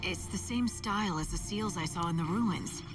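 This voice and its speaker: A woman's voice: fairly low pitch, normal speed, distant mic, natural voice. A stern woman warrior from a video game, voiced by a woman, who speaks in short, clipped lines. Her tone stays serious and guarded. Game music plays behind her.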